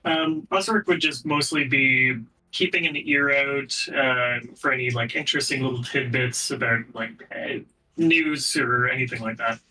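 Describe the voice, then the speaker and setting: A man playing in a tabletop game, speaking in a hesitant, halting way. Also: mid-range voice, steady tone, pushed and bright, rough recording. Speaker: player. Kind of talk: casual tabletop play.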